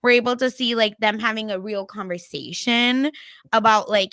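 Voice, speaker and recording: Animated young woman from India, dry sound. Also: a little high, moderate pace, dry recording. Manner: animated, laughing, acts out family quotes. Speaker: podcast co-host. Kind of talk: casual chat.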